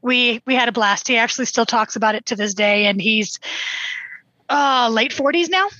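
A woman's voice: on the high side, moderate pace, pushed and bright, no room sound, muffled recording. A woman in her sixties, a podcast guest, telling family stories in a chatty way, laughing often. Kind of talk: casual podcast chat.

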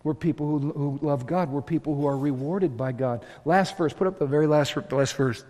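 An impassioned man preaching to his congregation, his voice sitting a little high. He swings between earnest talk and loud exhortation, and a long hall reverb trails behind every line. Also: moderate pace. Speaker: pastor. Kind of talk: sermon. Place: church sanctuary.

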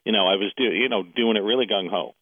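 A man with a lowish voice tells a long personal story, now and then acting out the people in it. The sound is thin and tinny, as if over a phone line. The room is dry, with no echo. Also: fast talker. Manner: animated storyteller, quotes others in dialogue. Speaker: guest. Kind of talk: casual interview storytelling.

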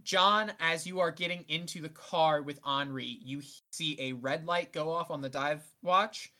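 Bright, rambling game master. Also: medium pitch, moderate pace. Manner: rambling, filler-heavy narration. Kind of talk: narrating a tabletop game.

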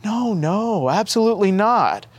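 Dominic Savio, a gentle boy saint, as a man puts him on. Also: high-pitched, animated, measured pace, husky, no echo, voice pushed up, full character voice. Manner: earnest, kindly questioning.

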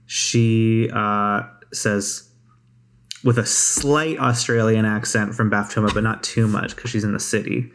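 Casting male game master, flat even narration, casual filler-heavy. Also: fairly low pitch, measured pace. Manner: relaxed narration with many fillers.

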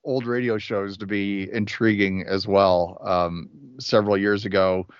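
A man's voice: fairly low pitch, little pitch movement, measured pace, clean tone, no echo. A man appearing as a guest on a film podcast, chatting in an easygoing way and laughing often. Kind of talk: casual film discussion. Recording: dry, dull lo-fi podcast audio.

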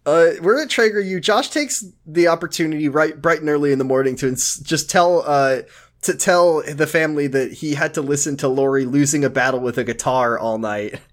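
A man's voice: a little high, fairly quick. A man with a slightly raised voice co-hosts a podcast in a loose, joking way. He talks casually and keeps the chat playful and light. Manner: playful, joking, bursts into silly voices and laughter. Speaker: podcast co-host. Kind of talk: casual comedic recap chat.

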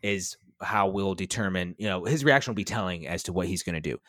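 A man's voice: low-pitched, animated, fairly quick, a bit bright, no room sound, clean studio sound. A man co-hosting a podcast, recapping a TV episode in a rambling, casual chat, swearing now and then. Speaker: podcast co-host.

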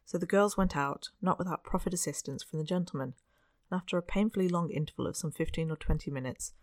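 Reader for a classic-novel audiobook: steady, unhurried delivery, mid pitch, bone-dry close mic. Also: no echo. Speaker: audiobook narrator. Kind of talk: scripted narration of a Victorian novel.

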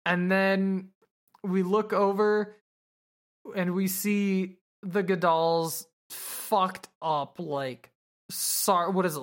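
A woman podcast host casually recapping an anime episode, rambling and swearing with lots of fillers. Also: low-pitched.

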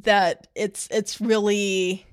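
A woman co-hosting a podcast, chatting casually and laying out ideas quickly. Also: mid-range voice, flat delivery, clean tone. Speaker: podcast co-host. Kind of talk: casual chat.

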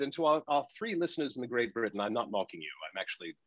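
This man speaks very fast in a mid-range voice, the audio dull and very noisy. A podcast producer turned interviewer and co-host, he chats casually and animatedly, joking and restarting often.

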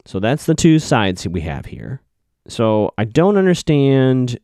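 A man's voice: mid-range voice, big pitch swings, slow pace, mellow, dry recording, clean studio sound. A man giving a casual recap of a TV episode, thinking aloud and correcting himself as he goes.

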